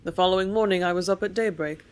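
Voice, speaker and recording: A woman reads an old first-person memoir aloud as an audiobook. Her delivery is steady storytelling, with the quoted lines read out with more life. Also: fairly low pitch, quick pace. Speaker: audiobook narrator.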